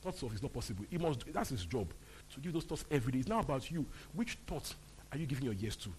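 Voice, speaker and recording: A man's voice: medium pitch, expressive, quick pace, a little hiss or hum. A man with a Nigerian accent preaching a sermon, pressing his point with repeated phrases and rhetorical questions to the congregation. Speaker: pastor. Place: church service.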